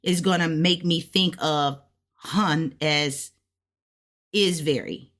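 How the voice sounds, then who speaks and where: A woman's voice: low voice, slow pace, fairly bright tone. A woman giving a casual self-taught language lesson, thinking aloud as she goes and repeating words to sound them out. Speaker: language learner teaching what she studies.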